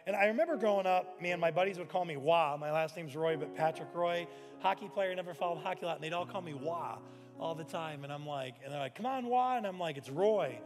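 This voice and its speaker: A man's voice: on the high side, quick pace, in a large hall, music in the background. A man in his thirties preaching a sermon, mixing personal stories with impassioned, conversational delivery. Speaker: pastor. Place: large church sanctuary.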